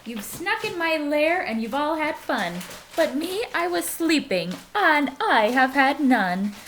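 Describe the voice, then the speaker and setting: Woman putting on a loud, sulky bear. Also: high-pitched, sing-song, takes it slowly, a little hiss or hum, voice pushed up, full character voice. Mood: whiny upset. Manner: loud, whining complaint. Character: grumpy big male bear, woken and upset.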